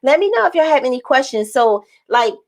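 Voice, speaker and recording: Chatty woman vlogger, slightly high voice. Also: a little fast. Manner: chatty, animated, addresses viewers as y'all. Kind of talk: casual storytelling to viewers.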